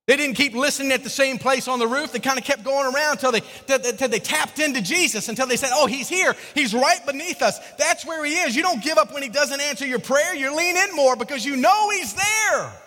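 A man preaching a sermon as a pastor, telling a story with animated delivery and acting out the characters. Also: extremely high pitch, big-room sound.

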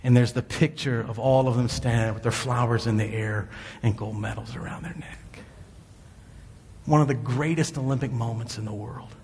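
A man telling a dramatic story to an audience in an animated preaching style, swinging between low, quiet moments and high, excited ones. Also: normal speed, a little hiss or hum. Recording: long hall reverb.

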